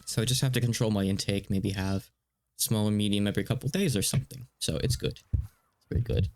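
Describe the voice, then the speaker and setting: A man's voice: fairly low pitch, fairly quick, a little mellow. A man streaming a game, chatting in a casual, rambling way that slightly stutters. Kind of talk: casual let's-play commentary.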